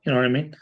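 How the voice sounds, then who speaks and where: A man co-hosts a casual local podcast, talking loosely and laughing easily. He often repeats words as he searches for what to say. His voice sits a little high for a man. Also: breathy edge, low-quality recording. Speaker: podcast co-host.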